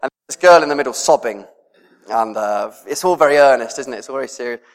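A man's voice: medium pitch, lively intonation, fast talker. Chatty preacher man in a reverberant hall. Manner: conversational, rhetorical tag questions, chuckling. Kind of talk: sermon.

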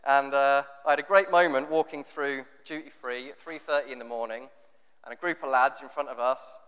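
This pastor from England speaks at medium pitch, fairly quickly, with a smooth and fairly bright tone. He jokes his way through a chatty sermon, frequently performing other people's words as he quotes them, and a long hall reverb trails his voice.

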